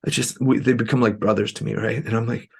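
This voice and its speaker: Gravelly, husky-voiced man telling stories. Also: medium pitch, quick pace. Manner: animated, acts out quoted dialogue. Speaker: musician guest. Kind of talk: storytelling interview talk.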